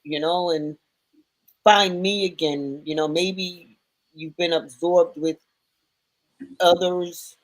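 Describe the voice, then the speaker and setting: A woman's voice: on the low side, no echo, poor audio. A woman guest on a casual panel chat, speaking in a reflective way with small restarts. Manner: slow, reflective, restarts words.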